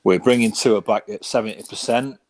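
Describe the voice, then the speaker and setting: Low-voiced man, hesitant. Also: a little fast, darkish tone, slight background noise. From United Kingdom. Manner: hesitant, many ums, then blunt complaints. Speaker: podcast guest panelist. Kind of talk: casual podcast chat.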